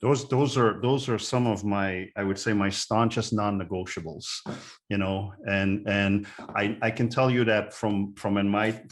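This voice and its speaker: A man hosts a business podcast in a casual, friendly back-and-forth. His voice sits fairly low. He stumbles and repeats words as he gathers his thoughts. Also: steady tone, measured pace. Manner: affirming, stammering restarts. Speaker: podcast host. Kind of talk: casual interview talk.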